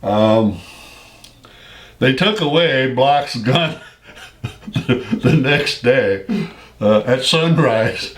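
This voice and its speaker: Older man, seventies, veteran storyteller, slow deliberate pace, folksy, frequent chuckles. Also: mid-range voice. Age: 70s. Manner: chuckles often between phrases; folksy, unhurried retelling. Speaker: Vietnam veteran recounting his service. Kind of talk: casual spoken storytelling.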